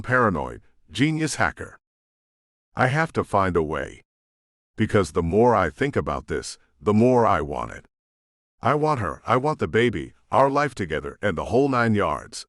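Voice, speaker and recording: A male narrator reading a first-person romance audiobook with expressive, emotional delivery. His voice sits on the low side and moves lively through its pitch range. The recording is dry and close, without room sound. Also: moderate pace, dry recording.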